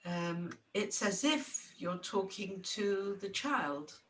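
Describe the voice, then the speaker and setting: A woman's voice: mid-range voice, lively intonation, slow, fairly bright tone. A woman trainee asking careful questions and giving feedback in a training session.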